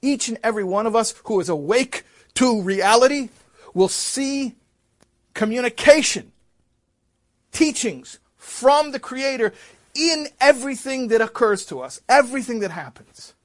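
A man, a rabbi, telling a story in a sermon, swinging from loud emphasis to hushed asides. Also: very high voice, lively intonation, measured pace.

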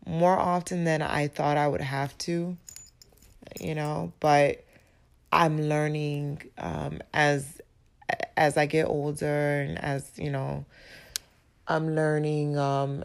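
Her voice hoarse and raspy after being sick, a podcast host gives a relaxed, motivational solo talk. She sounds low and gravelly, moving at a slow, thoughtful pace and stopping now and then to find the right words.

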